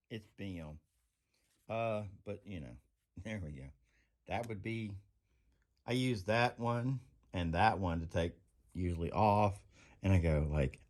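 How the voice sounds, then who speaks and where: A man's voice: big pitch swings, a little slow, a little mellow. Rambling laughing man with wild swings. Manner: rambling, laughing, sudden high whoops. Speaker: channel host. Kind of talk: casual tool-bench vlog.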